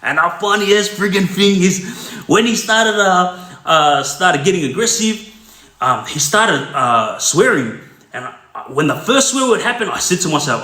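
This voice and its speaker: A man's voice: high voice, big pitch swings, moderate pace, sharp tone. A middle-aged Australian man telling street-wise prison stories in a blunt, casual way, checking in with "yeah?" and "you know". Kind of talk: casual spoken storytelling. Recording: roomy echo.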